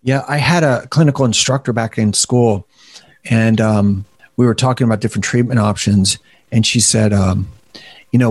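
A man's voice: lowish voice, normal speed, dry recording. A man co-hosting a podcast, talking casually and poking fun at himself. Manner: self-deprecating, animated, laughs at himself. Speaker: podcast co-host.

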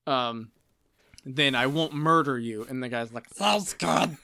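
Co-hosting a relaxed book podcast, a man with a medium-pitched voice and vocal fry recaps chapters at a measured pace. He's lively and laughs a lot, slipping into silly voices to play the characters.

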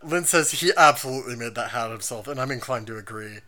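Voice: mid-range voice, quick pace. A podcast host recapping anime episodes in a casual chat, summarizing scenes and reading out viewer comments. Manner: lively, expressive, reads out episode summaries.

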